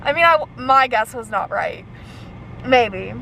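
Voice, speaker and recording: A young woman vlogging casually about her reading, gushing and excited, sometimes dropping to a whisper. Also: fairly high pitch, slow pace, vocal fry, slight background noise, rough recording. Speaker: book vlogger. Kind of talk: casual reading vlog chat.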